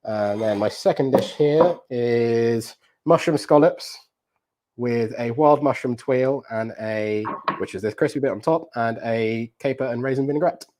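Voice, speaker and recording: A man hosting a live cooking challenge, hurried and breathless, then chatty and full of ums as he explains his dishes. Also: medium pitch, darkish tone. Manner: flustered and breathless under time pressure, then chatty explaining with many ums.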